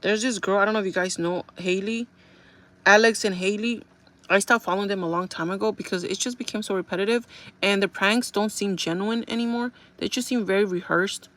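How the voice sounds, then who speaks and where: A woman's voice: medium pitch, steady tone, brisk, fairly bright tone. A young adult woman vlogging in a casual chat, rambling through a story with lots of "like" and fillers.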